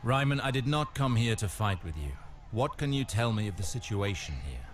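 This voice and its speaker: An actor playing a composed young lord who speaks in a calm, measured way. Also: male voice, fairly low pitch, close to an everyday voice.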